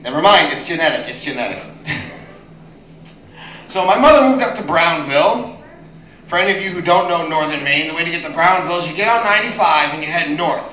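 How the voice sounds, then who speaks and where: A man's voice: a little high, expressive, quick pace, sharp tone, reverberant, muffled recording. A young man doing open mic stand-up, telling crude, exasperated stories full of swearing. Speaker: stand-up comedian.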